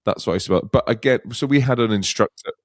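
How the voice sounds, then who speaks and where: A man's voice: medium pitch, fast, no room sound. A man co-hosting a comedy podcast, telling a rambling story and laughing often. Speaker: podcast co-host. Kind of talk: casual comedic chat.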